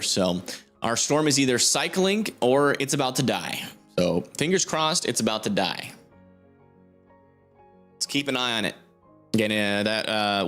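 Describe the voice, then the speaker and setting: A young man talks through a live storm stream in a loose, offhand way, full of "uh"s as he reads the radar. His pitch sits mid-range for a man. Faint music plays behind him. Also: fairly bright tone. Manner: informal, thinks aloud, many fillers. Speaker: storm chaser livestream host. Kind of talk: live weather commentary.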